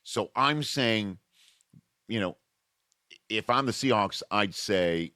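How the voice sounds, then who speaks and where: A man hosting a casual sports debate podcast, animated and riffing, often breaking off thoughts midway. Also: fairly low pitch, takes it slowly, dry recording, studio quality. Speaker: sports talk host.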